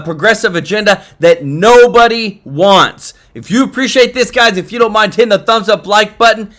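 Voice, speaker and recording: Hyped male vlog host, high bright voice, talks straight to viewers. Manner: hyped, keeps addressing viewers as guys. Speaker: news commentary host. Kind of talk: excited political vlog commentary.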